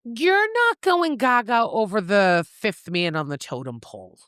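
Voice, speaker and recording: Animated woman recapping a book. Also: mid-range voice, unhurried, no room sound, studio quality. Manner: animated storytelling, acts out characters' lines in shifting voices, swears freely. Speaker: podcast co-host recapping a novel. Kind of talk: casual book recap chat.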